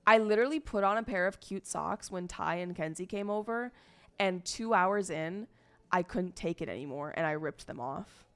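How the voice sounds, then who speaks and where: A woman's voice: on the low side, normal speed, a bit bright. A young woman streaming, chatting casually and rambling to her viewers, swearing freely along the way.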